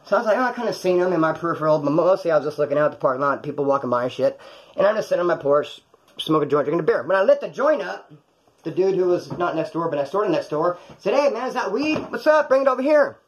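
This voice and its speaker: A man's voice: on the high side, lively intonation, very fast, husky, lo-fi sound. A man telling a true story from his own life in a casual, rambling, profane way, acting out the voices of the people in it.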